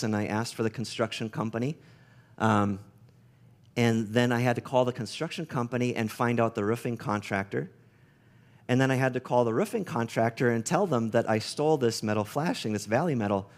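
Animated storytelling male preacher. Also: medium pitch. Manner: animated storytelling, acts out quoted voices. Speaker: pastor. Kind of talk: sermon.

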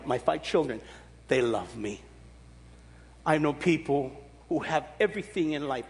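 A man's voice: mid-range voice, in a large hall. A man in his sixties preaching a sermon, with an emphatic, repetitive, folksy delivery. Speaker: pastor.

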